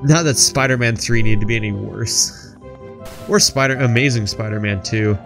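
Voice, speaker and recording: A young man doing let's play commentary, jokey and rambling, yelling at the enemies on screen. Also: lowish voice, moderate pace, creaky, over music. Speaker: gaming YouTuber.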